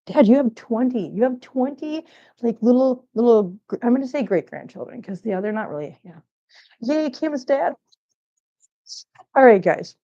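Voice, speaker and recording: A woman's voice: a little high, animated, normal speed, warm tone, lo-fi sound. A woman from Missouri hosting a casual livestream from home on a laptop mic, chatting and rambling and cooing baby talk to her cats. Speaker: cat channel host. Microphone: laptop microphone.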